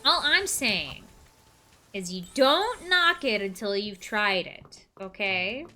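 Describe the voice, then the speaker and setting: A woman's voice: mid-range voice, very animated, slow pace, sharp tone, soft background music. A woman streaming a game, chatting casually and playfully, teasing her viewers. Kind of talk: casual chat while gaming on stream. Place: at a home computer desk.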